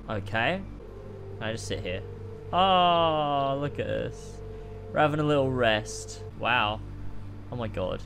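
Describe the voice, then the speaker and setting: A young man streaming a game, reacting excitedly, swearing and laughing often, and reading the game's dialogue aloud. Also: mid-range voice, takes it slowly, vocal fry, long pauses, slight background noise. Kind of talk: gameplay reaction commentary.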